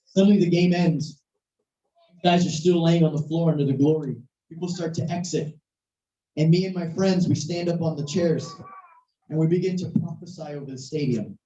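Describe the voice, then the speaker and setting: A preacher telling a story in a sermon, animated and at times shouting, recorded in a church hall. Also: mid-range voice, normal speed, slight background noise. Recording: echoey, distant, muffled hall recording.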